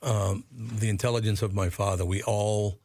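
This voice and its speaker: A man's voice: lowish voice, moderate pace. An older man from Minnesota, a radio broadcaster guest, telling wry, laugh-filled stories in casual chat. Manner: wry storyteller, animated laugh-filled anecdotes.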